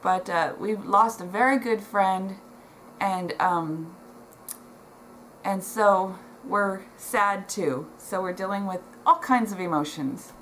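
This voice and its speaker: Speaking slowly in a medium-pitched, slightly bright voice, a middle-aged woman chats to the camera from home, glancing at notes beneath it. Her talk is emotional and sincere, with frequent ums and restarts. The audio is rough, with a little hiss or hum.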